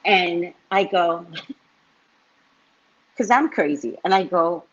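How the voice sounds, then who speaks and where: A woman psychic reader telling a story to her live-stream viewers in a casual, animated way, often tagging lines with "right?". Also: lowish voice, very slow, husky. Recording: dull lo-fi stream audio.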